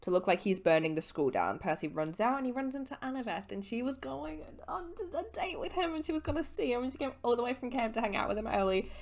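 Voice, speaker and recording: A woman's voice: on the high side, animated, fast talker, vocal fry, few pauses. A young woman in her twenties, a little tipsy, giving a casual, rambling book recap as a vlogger, swearing and correcting her own slips.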